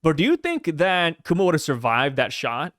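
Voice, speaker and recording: Lively man acting out voices in a recap. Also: on the high side, moderate pace, no room sound, studio quality. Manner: acts out characters in put-on voices while recapping. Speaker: podcast co-host. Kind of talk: casual chat, retelling a comic chapter.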